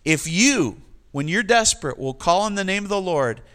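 Man, pastor, sermon, slightly high voice, lively emphatic preaching, joking asides. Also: moderate pace, clear, resonant tone.

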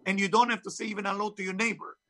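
An interviewed author and spiritual teacher with a heavy foreign accent races through his words in a high, sharp voice with little pitch movement. He is emphatic and preachy, and his phrasing is non-native.

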